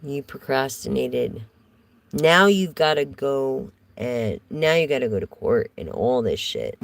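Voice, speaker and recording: Slow gravelly woman reading tarot. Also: extremely low pitch, very animated, poor audio. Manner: rambling, chatty, talks straight to viewers. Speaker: tarot reader. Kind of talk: casual live tarot reading.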